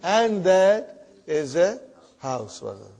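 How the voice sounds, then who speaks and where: A man teaching a classroom Arabic lesson in English, repeating words slowly and checking in with the students as he goes. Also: high-pitched, big pitch swings, creaky, darkish tone. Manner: repeats words slowly, often asks "huh?" and "brother".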